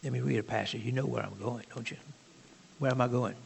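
A man preaching a sermon in a conversational, halting way, with asides to the congregation. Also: medium pitch, steady tone, vocal fry, long reverb tail, slight background noise.

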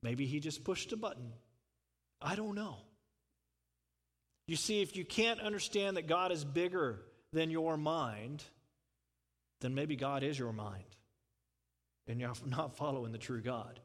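A man's voice: a little high, unhurried, pauses often, in a large hall. A man preaching a conversational sermon, full of asides and rhetorical questions. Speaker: pastor.

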